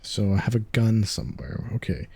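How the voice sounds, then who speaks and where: A game streamer in whispered role-play, talking softly and hesitantly. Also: medium pitch, lively intonation, moderate pace, slight background noise. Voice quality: soft, breathy, hesitant with "uh".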